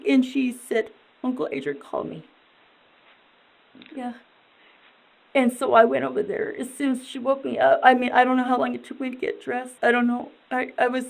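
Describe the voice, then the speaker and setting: A woman with a high voice full of gravelly fry, dazed and distraught as she answers questions in a police interview. She talks in halting, rambling bursts and keeps repeating herself. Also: fairly even intonation, poor audio.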